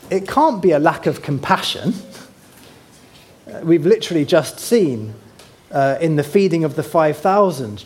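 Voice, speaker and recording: A man's voice: high voice, a little mellow. Man preaching a conversational sermon. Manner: conversational, asks the congregation questions; points to a map while teaching.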